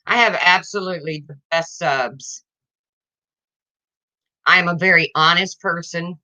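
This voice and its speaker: A woman's voice: fairly low pitch, steady tone, measured pace, sharp tone. A woman livestreaming to her viewers, ranting in an indignant, confrontational way and addressing them directly.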